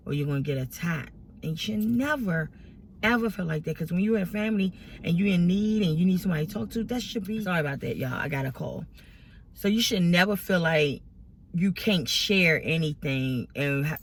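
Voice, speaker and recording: A woman with a low-pitched voice, recorded with slight background noise, vlogs to her followers. Close to tears and exasperated, she vents about family drama in a rambling manner with lots of restarts.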